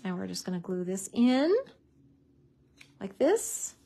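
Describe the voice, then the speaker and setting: A woman's voice: mid-range voice, expressive, slow, vocal fry, dark tone. A woman hosting a live crafting tutorial, chatty and bubbly, with many fillers.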